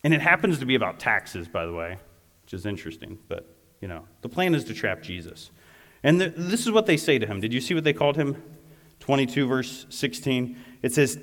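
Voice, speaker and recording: A man preaching a lively, conversational sermon as a youth pastor, often turning aside to talk to the listeners. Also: on the high side, brisk, big-room sound.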